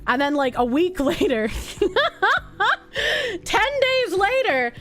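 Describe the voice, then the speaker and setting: A young woman streaming to her chat, reading messages aloud in lowered mock voices and giving candid, sarcastic commentary between bursts of laughter. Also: very animated, normal speed, fairly bright tone, faint music behind. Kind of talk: live-stream reaction chat.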